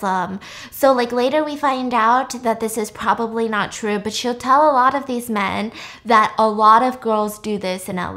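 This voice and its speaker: A woman's voice: medium pitch, a bit bright. A woman recapping a film in a chatty, casual way, full of "like" and swearing. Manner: chatty, heavy use of "like", swearing. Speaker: podcast host.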